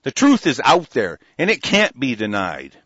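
A man's voice: mid-range voice, wildly swooping pitch, normal speed, husky, no echo, lo-fi sound. A man delivering an angry, profane political rant, hurling insults. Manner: furious, profane, shouting insults.

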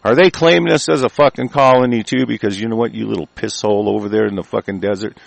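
A man hosting his own show, delivering an angry, profane rant. He breaks into shouted bursts and stumbles through halting restarts. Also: lowish voice, creaky, no room sound. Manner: halting, many ums and restarts. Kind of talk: profane ranting commentary.

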